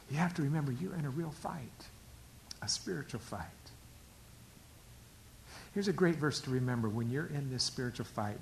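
A pastor preaching a sermon, dropping to hushed whispers and rising to loud, emphatic preaching. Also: male voice, mid-range voice, gravelly, a little hiss or hum.

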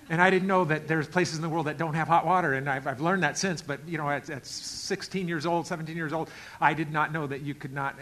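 A middle-aged male pastor telling a story in a sermon, acting out the dialogue and swinging from loud outbursts to quiet asides. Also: a little high, poor audio. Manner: animated, acts out dialogue with big swings in loudness.

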